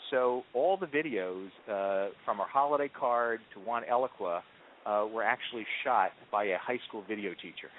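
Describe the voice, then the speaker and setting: A man being interviewed as a marketing executive, telling stories in an animated way with frequent ums and restarts. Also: on the low side, normal speed, slight background noise. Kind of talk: conversational interview answers. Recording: tinny phone-line audio.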